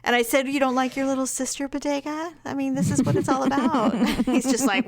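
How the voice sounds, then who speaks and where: Woman podcast co-host, lively chatty storyteller with a higher voice. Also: a little fast. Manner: chatty, animated storyteller, laughs often. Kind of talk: casual chat.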